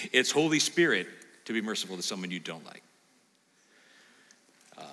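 Bright-voiced pastor in a reverberant sanctuary. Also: male voice, fairly low pitch. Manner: animated, plays out imagined listener lines, quizzes the congregation. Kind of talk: sermon. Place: church sanctuary. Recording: long hall reverb.

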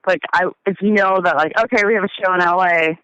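A woman's voice: fairly low pitch, fairly even intonation, fast talker, fairly bright tone, clean tone, no room sound, muffled recording. A woman musician chatting as an interview guest, meandering and hesitant, often trailing off mid-thought. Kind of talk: casual interview chat.

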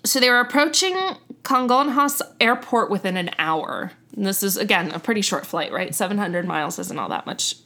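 A woman's voice: medium pitch, animated, moderate pace, few pauses, bright, forceful tone. A young adult woman hosting a casual chat, telling a story with frequent self-corrections and laughing at her own slips. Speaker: podcast host.

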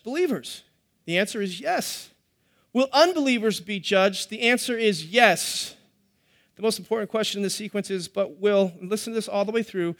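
A man's voice: sits high, a bit bright. A middle-aged man, preaching a sermon to a live congregation in a conversational way with joking asides. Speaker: pastor.

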